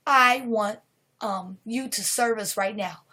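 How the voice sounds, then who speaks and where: A woman's voice: medium pitch, takes it slowly, bright, forceful tone. A woman voicing a snooty, rude male businessman who bosses staff around in a told spooky story. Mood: demanding. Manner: demanding, bossy.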